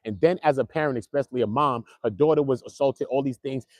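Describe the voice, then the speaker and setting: Casting: male commentary host, quick slangy delivery, dry close-mic sound, mid pitch. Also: dry recording. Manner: animated, slangy, keeps calling viewers bro. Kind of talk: casual online commentary.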